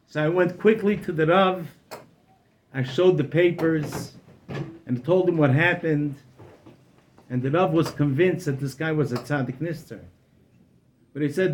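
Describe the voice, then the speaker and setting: Male rabbi storyteller, animated delivery that swings loud and soft, fairly high voice for a man. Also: measured pace, long pauses, a little hiss or hum. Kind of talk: oral storytelling.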